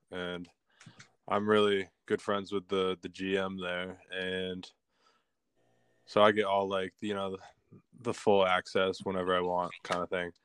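A man's voice: deep voice, fairly bright tone, clear, resonant tone, no echo. A young man co-hosting a podcast in casual chat, telling stories in a laid-back way full of fillers. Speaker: podcast co-host.

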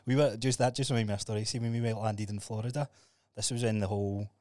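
A man hosting a podcast, chatting in a relaxed, jokey way. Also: fairly low pitch, fast, no echo, studio quality. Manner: relaxed, jokey, laughs along. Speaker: podcast host. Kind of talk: casual chat.

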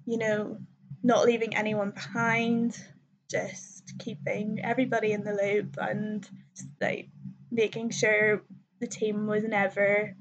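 A young woman with a mid-range, fairly flat voice takes her time telling her story as a podcast guest. She's chatty, laughs often, and fills her speech with ums and likes, all on slightly muffled lo-fi audio.

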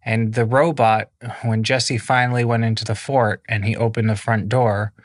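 A man's voice: medium pitch, level tone, normal speed, dry recording, clean studio sound. A man improvising a children's bedtime story in a casual, rambling way with many fillers.

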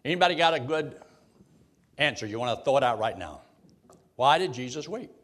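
A man leads a Bible study in a folksy style, reading King James verses aloud and quizzing the group. His mid-range voice is expressive, brisk and fairly bright.

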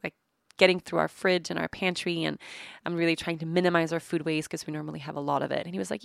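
A woman's voice: on the low side, fairly even intonation, quick pace, vocal fry, no room sound, studio quality. A woman in her thirties hosting a podcast, telling a story casually in a chatty, exasperated way with lots of fillers. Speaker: podcast host.

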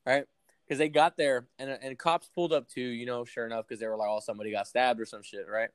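A man's voice: medium pitch, fairly even intonation, fast talker, clean tone, dry recording. A young man casually telling a long story to friends, rambling and profane with lots of fillers. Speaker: podcast co-host telling a story.

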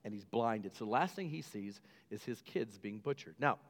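A man preaching a sermon to his church, telling a story with lively asides and questions aimed at the congregation. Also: lowish voice, normal speed, in a large hall. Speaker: pastor.

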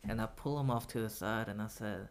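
A man co-hosting a podcast in casual chat, telling stories with animated energy, often laughing and swearing. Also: lowish voice, fairly quick. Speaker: podcast co-host.

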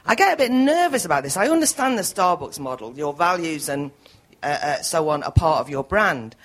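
A woman's voice: low-pitched, very animated, fairly quick. A woman in the audience questioning a panel, forthright and argumentative, laughing between points. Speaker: audience member asking a question. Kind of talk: question from the floor.

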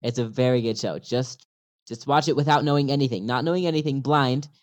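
A man's voice: mid-range voice, fairly quick. A man with an American accent, an interview guest in casual conversation, upbeat and repeating phrases to help a learner follow. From United States.

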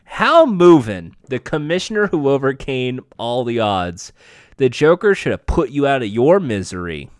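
A man voicing a cold, vengeful woman assassin in a clumsy mock British accent, with a slow, drawn-out delivery. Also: medium pitch, sing-song, no echo, studio quality, lightly acted. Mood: taunting.

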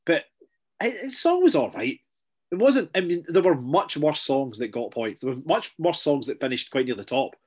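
A man's voice: fairly high pitch, big pitch swings, breathy edge. Chatty sardonic man. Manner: chatty, sardonic, quick asides. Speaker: podcast co-host. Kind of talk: casual chat.

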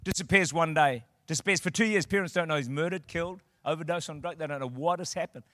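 A man preaching a sermon as a pastor, swinging from quiet storytelling to shouted declarations. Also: fairly high pitch, quick pace, no room sound, clean studio sound.

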